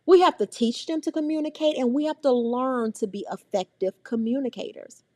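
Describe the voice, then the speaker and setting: Lively woman trainer with a dry, close sound. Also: sits high, normal speed, dry recording. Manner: animated, acts out scolding adults and children's voices. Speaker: early childhood trainer. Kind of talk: teaching a parenting workshop.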